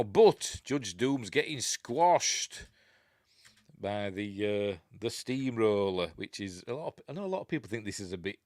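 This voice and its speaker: A Yorkshire man talks through a film scene by scene in a loose, chatty way, with lots of chuckles and trailing asides. His voice sits low but swings up and down with real animation. The sound is close and dry. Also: dry recording. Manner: rambling, chuckling, loses his place. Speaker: film review host. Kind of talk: casual film commentary.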